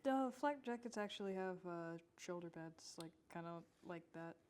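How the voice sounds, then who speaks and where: A woman's voice: fairly low pitch, lively intonation, normal speed, a little mellow, clear, resonant tone. Woman, blunt laughing podcast banter. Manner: blunt, laughing, swears freely. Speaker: podcast co-host. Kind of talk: casual chat. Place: library podcast room.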